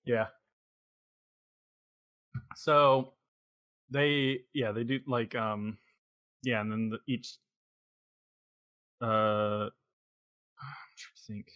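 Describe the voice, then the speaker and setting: A man's voice: medium pitch, little pitch movement, extremely slow, long pauses, fairly bright tone, no room sound. Rambling man hosting a podcast, dry sound. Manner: rambling, thinking aloud. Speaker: podcast host. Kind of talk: casual podcast chat.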